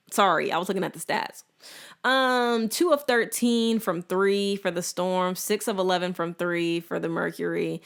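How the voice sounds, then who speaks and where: Chatty opinionated young woman, lowish voice. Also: a bit bright. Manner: chatty and opinionated, with playful asides. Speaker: podcast host. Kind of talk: casual chat.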